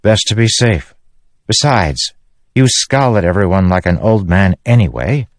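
Guy doing a bossy wry young woman in an audiobook, voice pushed up higher, very dry sound. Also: lively intonation, a little slow, no room sound. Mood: brisk teasing. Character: young woman illusionist, teasing and brisk.

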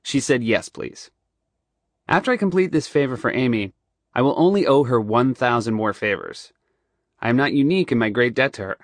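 A man's voice: mid-range voice, a little fast, no room sound. Nasal man with a broken nose. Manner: deadpan, wry. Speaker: guest reader. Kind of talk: playful banter, then scripted reading. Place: recording studio booth. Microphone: studio microphone.

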